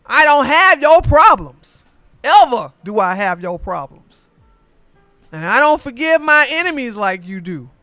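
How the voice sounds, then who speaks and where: A woman rants in a loose, rambling way, cursing freely and circling back to repeat her points. Her voice is bright and sharp, and it sounds dry and close. Faint music plays in the background. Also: high-pitched, no echo. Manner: animated, profane, repeats herself. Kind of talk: rambling casual rant.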